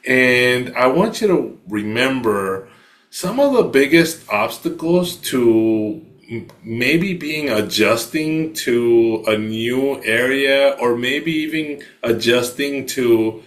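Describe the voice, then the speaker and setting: Guy hosting a podcast, mid-pitch voice, long rambling questions. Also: slow. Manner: long winding questions, encouraging. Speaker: podcast host. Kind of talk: interview questions.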